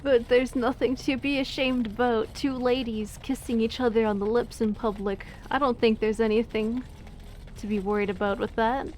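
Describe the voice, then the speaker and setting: A woman's voice: fairly high pitch, fairly even intonation, normal speed, a little mellow, slight background noise. Giggly young woman chatting while gaming. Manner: chatty, giggly, self-deprecating. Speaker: streamer. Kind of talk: casual chat over gameplay.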